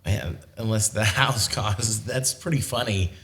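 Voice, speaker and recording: A man's voice: fairly low pitch, measured pace, fairly bright tone. A man co-hosting a podcast, telling joking anecdotes in casual chat.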